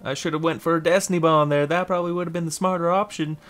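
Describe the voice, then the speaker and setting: A man's voice: fairly high pitch, steady tone, fast, a bit bright, soft background music. A man giving casual, rambling let's-play commentary over a game, giggling and repeating a silly catchphrase. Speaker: gameplay commentator.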